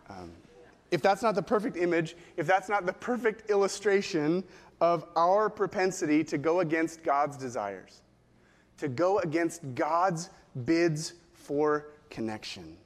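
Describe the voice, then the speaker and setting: High-voiced pastor preaching in a reverberant hall. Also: male voice. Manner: storytelling with acted quotes. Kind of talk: sermon.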